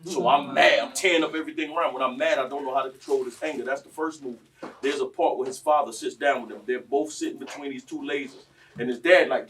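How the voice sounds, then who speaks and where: A man, telling stories on a panel in a preachy, impassioned way that swings between quiet and loud. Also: medium pitch, fast talker, far from the mic. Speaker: panel speaker.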